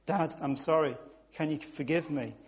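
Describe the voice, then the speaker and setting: A man's voice: fairly high pitch, moderate pace, lightly acted. A man voicing a remorseful teenage runaway girl. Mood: pleading. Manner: anxious, rehearsed pleading.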